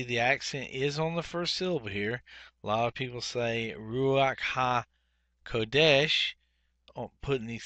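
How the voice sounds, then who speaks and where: A man teaching a Biblical Hebrew workbook lesson, speaking deliberately and saying each Hebrew word twice, with frequent "uh" fillers. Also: fairly low pitch, vocal fry, fairly bright tone, dry recording. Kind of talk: workbook lesson, explaining grammar.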